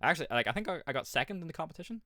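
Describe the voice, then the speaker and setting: A man's voice: on the high side, animated, racing, bright, forceful tone, no room sound, studio quality. A man with an Irish accent, streaming a game and chatting casually, rambling, swearing often and laughing at himself. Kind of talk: casual gaming chat.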